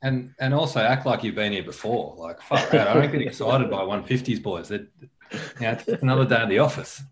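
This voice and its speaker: Podcast dude cracking jokes, laughs a lot, normal pitch. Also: male voice, fairly quick. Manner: joking, laughing between lines. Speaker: podcast co-host. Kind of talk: casual chat.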